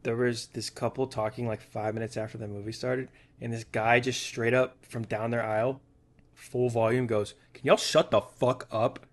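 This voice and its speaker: A young man with a Texan accent, co-hosting a movie podcast in a laid-back, joking way, often trailing off into a quieter voice. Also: medium pitch, level tone, normal speed. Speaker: podcast co-host. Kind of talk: casual chat.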